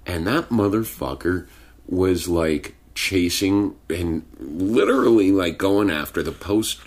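Young guy with a really deep voice, swearing a lot, laid-back storytelling. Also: takes it slowly, darkish tone. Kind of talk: casual chat. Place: home studio with sound blankets.

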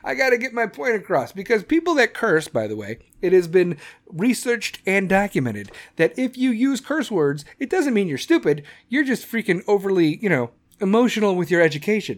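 A man's voice: high-pitched, big pitch swings, normal speed. A man hosting a podcast, ranting bluntly with lots of cursing and mocking voices. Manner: blunt, aggressive and profane, mocking put-on voices. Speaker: podcast host. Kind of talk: opinion podcast rant.

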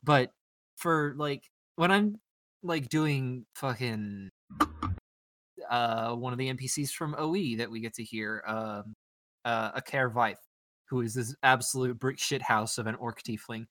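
A man's voice: medium pitch, a little slow, a bit bright, no room sound. A man co-hosting a tabletop podcast, talking casually about doing character voices, swearing and restarting often. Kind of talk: casual chat.

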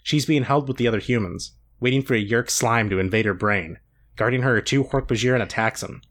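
A man's voice: mid-range voice, brisk. A man reading a story aloud with wry comic asides. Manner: expressive, wry narration. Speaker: podcast co-host reading aloud.

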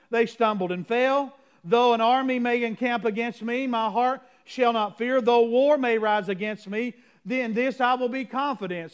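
Male pastor, high-pitched, emphatic sermon delivery with slow scripture reading. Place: church sanctuary.

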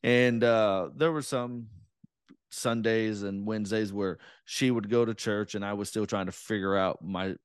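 A man's voice: lowish voice, steady tone, unhurried, clear, resonant tone, dry recording, studio quality. A man in his thirties, a podcast guest, chatting casually and telling a self-deprecating story. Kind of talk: casual conversation.

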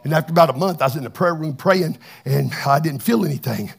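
Husky older preacher, high and fervent. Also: male voice, quick pace. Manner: fervent, shouting in bursts, chatty asides. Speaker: pastor. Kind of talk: Pentecostal sermon.

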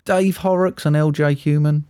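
A man's voice: a little high, steady tone, moderate pace, mellow, no echo. A man hosting a podcast quiz in casual chat, bantering and laughing often. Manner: bantering, laughs often, says "mate" a lot.

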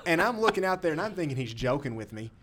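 A man with a slightly higher voice tells a fishing story in an animated, laughing way. It is casual chat with faint background noise. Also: fast talker. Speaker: co-host telling a fishing story.

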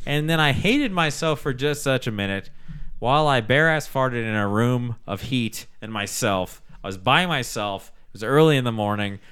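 Crisp, bright-voiced man riffing crudely. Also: mid-range voice, animated, normal speed. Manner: crude, profane, rambling storyteller. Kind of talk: casual comedic banter.

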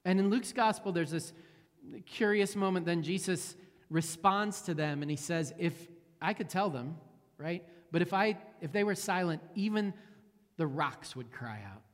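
A man in his forties preaches in a loose, conversational way, doubling back on his words as he goes. His voice sits somewhat high for a man. A long church reverb trails each phrase, as in a large sanctuary. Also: moderate pace. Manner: conversational, repeats words, many fillers and restarts. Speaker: pastor. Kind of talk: sermon with prayer.

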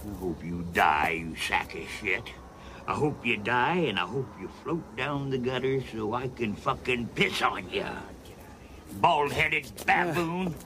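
A man's voice: medium pitch, expressive, a little slow, noisy background, natural voice. An actor playing a foul-mouthed angry homeless man who swears and rants insults, heard in a film clip. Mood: ranting.

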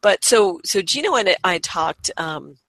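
A hoarse woman chatting casually as a podcast co-host, laughing often and swearing freely. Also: fairly low pitch, expressive, measured pace, a bit bright, no echo.

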